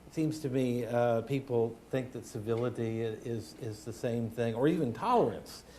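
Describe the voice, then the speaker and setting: A man on a panel making a point in a halting, stammering way. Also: medium pitch, mellow, a little hiss or hum. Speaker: fellow panelist. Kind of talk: panel discussion.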